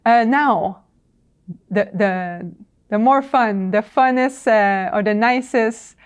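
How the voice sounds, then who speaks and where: A woman's voice: a little high, slow, smooth. A woman presenting a professional training talk. She speaks conversationally with fillers and acts out dialogue from her stories.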